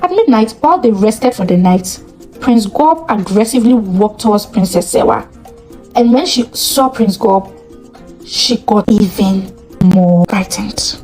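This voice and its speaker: A woman telling a folktale as a channel's storyteller, in expressive scripted narration. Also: a little high, normal speed, faint music behind, rough recording. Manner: expressive, moralizing at the end.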